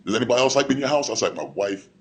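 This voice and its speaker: A man on a convention panel telling a story with excitement, laughing and acting out what people said. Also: mid-range voice, very fast, slight background noise. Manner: excited, laughing, acts out quotes. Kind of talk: casual storytelling.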